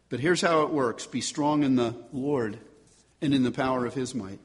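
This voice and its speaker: Male pastor, slightly high voice, emphatic sermon with rhetorical questions, long church-hall reverb.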